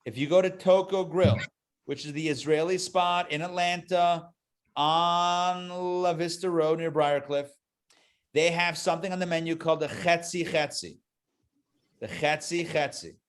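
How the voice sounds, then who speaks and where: Chatty male reading teacher on a video call, a touch high-pitched, joking while drilling syllables. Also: steady tone, unhurried. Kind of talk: live online class teaching.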